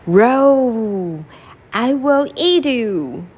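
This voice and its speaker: A woman voicing a proud, boastful male lion in a children's storybook reading, her voice raised high. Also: animated, extremely slow, a little mellow, husky, heavily acted. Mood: angry.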